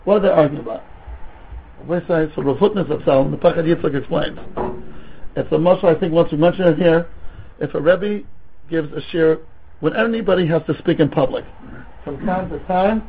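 A man, a rabbi teaching a Talmud class, lecturing with rhetorical questions and stories in an animated way, mixing Hebrew and Yiddish terms into his English. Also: a little high, moderate pace, pauses often, a little hiss or hum. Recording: tinny phone-like recording.

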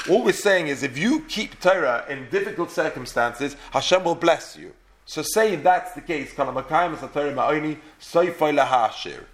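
A man's voice: fairly high pitch, fairly bright tone. Man teaching a Mishnah class. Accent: Ashkenazi Hebrew pronunciation. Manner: questioning, explanatory, mixes Hebrew terms. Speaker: Torah teacher. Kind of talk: Talmud class lecture.

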